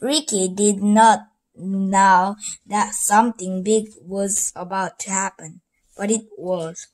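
Lady reading a kids book out loud super slow, careful, trips on words sometimes. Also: mid-range voice, steady tone. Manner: slow, careful reading with small slips and restarts. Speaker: storybook reader. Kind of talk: reading a children's book aloud.

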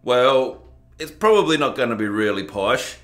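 Reviewing drinks for his home video channel, this southern Tasmanian man talks casually and jokily in an Australian accent, with a medium, expressive, fairly bright voice at normal speed. He's self-deprecating and chatty, playing up poshness as a gag. Faint background music and a roomy echo fill the recording.

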